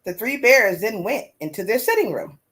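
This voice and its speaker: A woman reading a children's story aloud in an expressive, animated way. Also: a little high, moderate pace, a little hiss or hum. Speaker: storyteller host.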